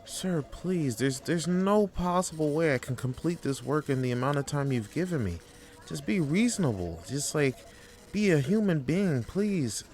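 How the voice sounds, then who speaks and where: A man's voice: fairly high pitch, lively intonation, normal speed, a little mellow, voice pushed up, natural voice. A man voicing a worn-out office clerk who pleads with his boss and then snaps back defiantly. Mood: pleading. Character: overworked male office clerk pushed to anger.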